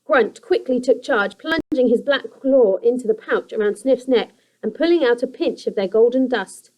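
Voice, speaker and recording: A woman's voice: a little high, animated, moderate pace, dull audio. Woman teacher reading a children's story.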